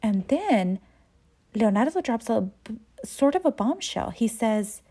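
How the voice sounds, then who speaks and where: A woman's voice: a little high, big pitch swings, unhurried, dark tone, slightly rough. A woman casually recapping a soap episode in a loose, conversational way, with fillers and frank asides.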